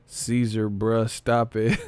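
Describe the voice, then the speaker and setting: A man hosts a livestream, reacting with profane, incredulous commentary and frequent laughter. His pitch swings widely while his pace stays unhurried. The sound is dry and close. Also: darkish tone, no echo. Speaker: livestream host.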